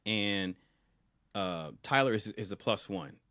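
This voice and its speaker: Low-voiced man retelling a film scene. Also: takes it slowly, no echo, studio quality. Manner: animated retelling with frequent restarts and repeated words. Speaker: podcast co-host. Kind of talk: casual film review chat.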